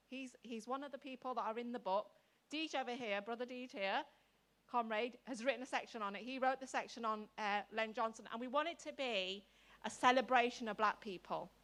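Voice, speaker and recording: A woman's voice: a little high, a bit bright. A woman, an anti-racism campaigner speaking enthusiastically to an assembly in long run-on sentences. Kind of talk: public comment to an assembly.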